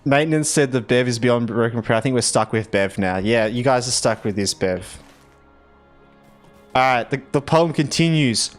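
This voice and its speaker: An Australian man casually chatting on a game livestream, reading viewer messages and verse aloud in an expressive, giggly way. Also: medium pitch, moderate pace, soft background music. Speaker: game streamer.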